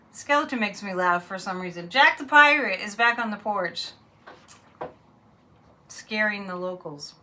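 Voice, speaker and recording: Woman doing a tarot reading, bright sharp voice, chatty and blunt, faint hiss. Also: mid-range voice, poor audio. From Massachusetts. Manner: chatty, blunt, gets loud and incredulous. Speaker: psychic reader. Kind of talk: casual tarot reading monologue.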